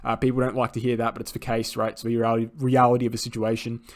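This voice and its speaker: Male market analyst, rapid emphatic delivery, mid pitch, lots of fillers. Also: monotone. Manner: emphatic, insistent, frequent "right?" and fillers. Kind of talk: chart analysis commentary.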